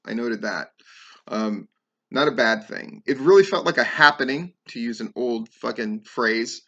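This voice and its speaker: A man's voice: mid-range voice, expressive, a little slow, creaky, sharp tone, dull audio. A middle-aged man hosting a podcast, reviewing a wrestling show in a loose, rambling way, full of swearing and ums. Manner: rambling, profane, frequent ums. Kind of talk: casual spoken review.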